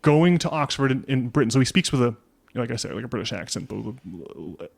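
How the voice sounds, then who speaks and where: A man co-hosting a casual podcast chat, his voice sitting at an ordinary middle pitch. He rambles through his points with frequent restarts and fillers. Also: sing-song, brisk, creaky. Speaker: podcast co-host.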